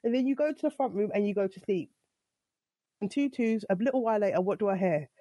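A woman's voice: mid-range voice, fast talker, warm tone, no room sound, muffled recording. A young adult woman telling her side of a story in a casual, exasperated way, acting out what was said. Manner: exasperated, retelling with quoted dialogue.

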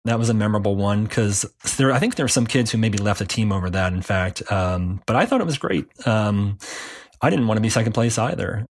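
A middle-aged man casually recalling his school sports days, relaxed and rambling with many fillers. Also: lowish voice, a little fast. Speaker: interviewee, former player. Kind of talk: casual recollection.

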